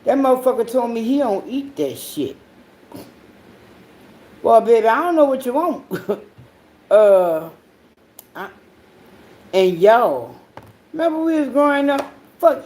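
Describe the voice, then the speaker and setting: A woman hosting her own podcast, telling rambling, profanity-heavy stories in a casual monologue, swinging between loud outbursts and low mutters. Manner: profane, rambling storytelling with frequent swearing. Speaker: podcast host.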